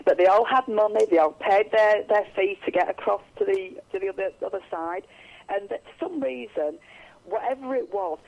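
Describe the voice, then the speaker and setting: A woman's voice: medium pitch, moderate pace, vocal fry, a little mellow, lo-fi sound. A woman, a psychic medium, telling stories in a radio interview, rambling with many restarts and fillers.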